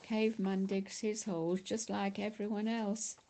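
A woman's voice: mid-range voice, flat delivery, moderate pace, mellow, natural voice. A woman reading the part of a cold, sarcastic woman camp warden in an audiobook. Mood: dry. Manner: dry, sarcastic.

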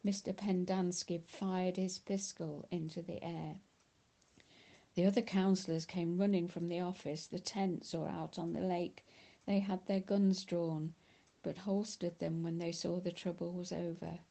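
A woman narrating an audiobook in a steady, even storytelling manner. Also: on the low side, unhurried, vocal fry, rough recording.

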